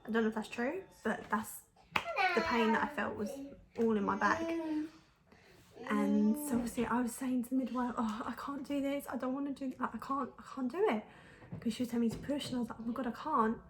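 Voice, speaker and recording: A woman's voice: a little high, a little fast. A young woman telling a personal story to camera in a frank, chatty way, laughing often and using lots of fillers. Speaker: mum vlogger.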